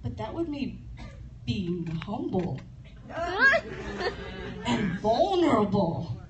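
A woman's voice: fairly high pitch, big pitch swings, very slow, dull audio. A woman preaching at a women's retreat, telling a personal story animatedly and often laughing or tearful while acting out conversations. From Chicago. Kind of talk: testimony sermon. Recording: echoey room from far off with noise.

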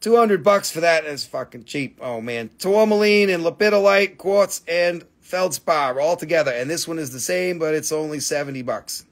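A man's voice: a little high, moderate pace, few pauses. Joking, crude-talking man selling crystals live. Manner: joking, crude, swearing, auction-style price calls. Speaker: host of a live crystal sales stream. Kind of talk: casual live-stream selling chat.

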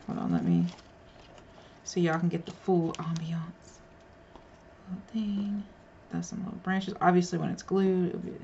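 Woman, mid-pitched and gravelly, chatty craft unboxing host, slightly dull recording. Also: darkish tone, a little hiss or hum. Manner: chatty, gushing, mutters asides while handling pieces. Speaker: crafter revealing a card swap. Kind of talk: casual craft unboxing vlog.

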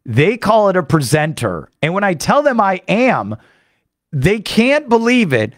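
American radio guy talking fast on a dry studio mic, voice bouncing all over, kinda high. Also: wildly swooping pitch, no room sound. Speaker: sports radio host. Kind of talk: radio monologue recap. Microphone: studio microphone.

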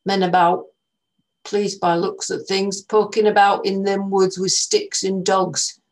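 A woman doing a slow old Northern countryman. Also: high-pitched, little pitch movement. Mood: worried. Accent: Northern English. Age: older. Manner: slow, plain-spoken warning. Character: elderly countryman with a dog, slow and kindly.

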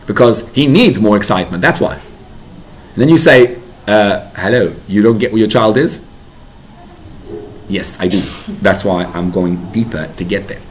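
A man's voice: on the low side, measured pace, pauses often, a little hiss or hum. A man giving a Torah class to parents as a rabbi, talking animatedly and building to emphatic bursts.

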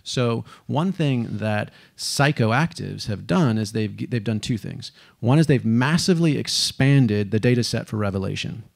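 A man giving a lively stage talk, animated and casual, cursing now and then and acting out the people he quotes. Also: mid-range voice, unhurried, gravelly, few pauses. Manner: animated, swearing, acts out quotes. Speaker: speaker.

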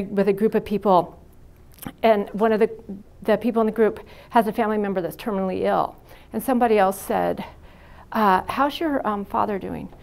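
A woman's voice: medium pitch, vocal fry, a little mellow. A middle-aged woman who is a psychiatric nurse gives a frank, chatty university lecture full of anecdotes and "you know" fillers. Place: university classroom.

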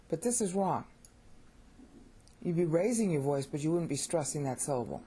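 A woman's voice: low-pitched, dark tone, a little hiss or hum. An American woman giving an informal pronunciation lesson, opinionated and repeating words as she thinks aloud. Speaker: language teacher.

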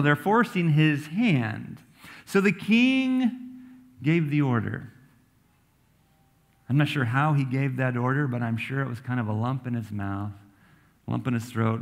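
A man pastor delivering a sermon in a church. His voice is mid-pitched, and he moves between reading scripture aloud and chatting with casual, plainspoken asides. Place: church sanctuary.

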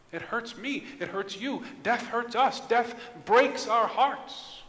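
A male pastor delivers a sermon with a high, bright, forceful voice. He swings from hushed near-whispers to ringing proclamations, and a long reverb trails his words around the church. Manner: impassioned, swinging between hushed and loud delivery.

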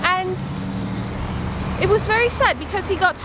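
A woman's voice: extremely high pitch, voice pushed up. A woman putting on a prim posh British lady. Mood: mock-serious. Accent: mock British. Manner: affected, drawn-out politeness. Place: outdoors on a town street, walking. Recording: loud street traffic noise.

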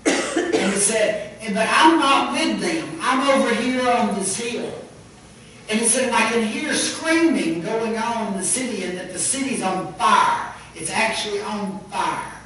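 A high-voiced man preaching an earnest sermon. He is heard from a distance in a very echoey church sanctuary, with faint noise underneath. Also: animated, measured pace, fairly bright tone. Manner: retells a story with much quoting, earnest. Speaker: pastor.

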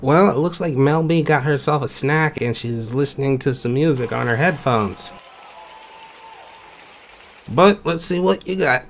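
A man hosting and judging a talent show in an animated game skit, in a playful, wry way. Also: mid-range voice, a little slow, a little hiss or hum. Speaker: talent show judge and host.

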